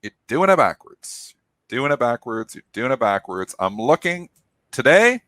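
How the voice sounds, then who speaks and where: A man's voice: medium pitch, big pitch swings, unhurried, fairly bright tone, no room sound. A man co-hosting a market show, emphatically explaining trading basics and repeating his point. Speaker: co-host, trader. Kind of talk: market talk show commentary.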